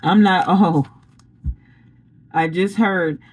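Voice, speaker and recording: A woman's voice: on the low side, steady tone, very slow, low-quality recording. Blunt, preachy woman tarot reader. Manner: blunt, preachy, laughs often, slangy. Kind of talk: casual spiritual pep talk.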